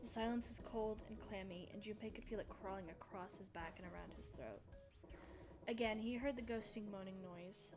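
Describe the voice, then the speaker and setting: A young woman streamer reading a visual novel aloud and breaking off into chatty, animated asides. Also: mid-range voice, moderate pace, over music. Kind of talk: narration mixed with casual chat.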